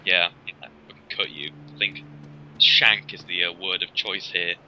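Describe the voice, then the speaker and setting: A man's voice: deep voice, a little slow, bright, forceful tone, poor audio. A man hosting a casual let's-play, rambling and joking with plenty of ums. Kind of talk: casual gameplay commentary.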